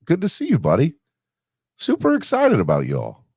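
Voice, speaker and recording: A man's voice: fairly high pitch, huge pitch swings, moderate pace, vocal fry, darkish tone, breathy edge, no room sound. A man hosting a casual sports podcast, rambling with restarts while recovering from an illness. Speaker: podcast host.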